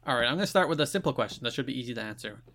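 A man's voice: mid-range voice, expressive, rapid-fire, sharp tone. A man co-hosting a podcast, chatting casually and sarcastically about wrestling. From Ireland. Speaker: podcast co-host. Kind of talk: casual wrestling recap chat.

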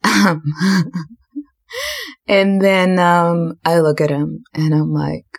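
A young woman hosts her own podcast and tells a story in a relaxed, chatty way. Her voice sits low, and she talks with plenty of fillers and a flair for the dramatic. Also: slow pace, vocal fry, long pauses. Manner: chatty, filler-heavy, self-described dramatic. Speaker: podcast host. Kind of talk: casual storytelling.

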